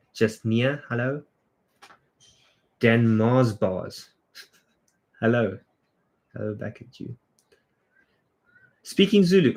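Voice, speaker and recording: A South African creative director with a mid-range voice chats casually on a livestream, greeting viewers and answering their comments off the cuff.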